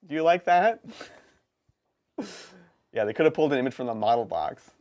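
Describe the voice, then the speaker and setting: A man's voice: medium pitch, lo-fi sound. Guy cohosting a gaming stream, chatty, voice bouncing all over. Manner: lively, chatty, quick asides and laughs. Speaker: co-host of a tabletop gaming stream. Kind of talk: casual live-stream chat.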